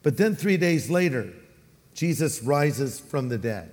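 A man with a Californian accent preaching a sermon as a pastor, animated and acting out the voices he quotes. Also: medium pitch, unhurried, long reverb tail.

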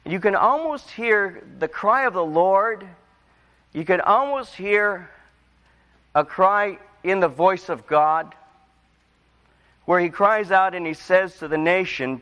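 A man preaching a sermon, telling stories and reading scripture, his voice climbing into pleading cries and then falling quiet. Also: sits high, lively intonation, measured pace, pauses often. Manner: storytelling, rising to emotional pleas then dropping quiet. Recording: long hall reverb.

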